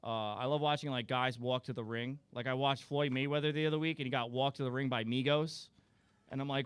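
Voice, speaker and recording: A man's voice: medium pitch, fast, smooth, dry recording. A young man doing a rambling, crude, self-deprecating stand-up roast set. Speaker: stand-up comedian.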